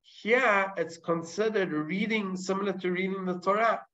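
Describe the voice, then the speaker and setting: A man's voice: high voice, moderate pace, pushed and bright, dull audio. A man teaching a Talmud class, explaining step by step and weaving Hebrew terms into his English, often restarting his sentences. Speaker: Torah teacher.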